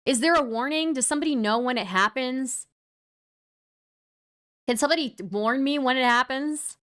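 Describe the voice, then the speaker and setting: A woman's voice: sits high, moderate pace, a bit bright, clean tone. A young woman streaming, reacting to clips in casual commentary, sarcastic and exasperated, swearing freely.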